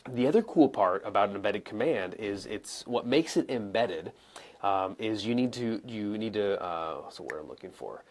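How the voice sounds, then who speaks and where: A young adult man coaching live viewers in a casual, conversational way, acting out examples with pauses and emphasis. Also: fairly low pitch, expressive. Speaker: coach and speaker answering viewer questions. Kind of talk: live-streamed teaching. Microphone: camera mic, moves around and sits back down.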